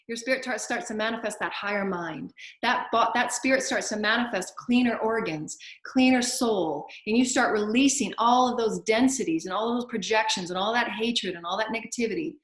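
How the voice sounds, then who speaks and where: Fervent woman healer in a roomy echo. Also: mid-range voice. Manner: fervent, repetitive affirmations, swinging from hushed to loud bursts. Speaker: spiritual healer. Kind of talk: inspirational spiritual talk.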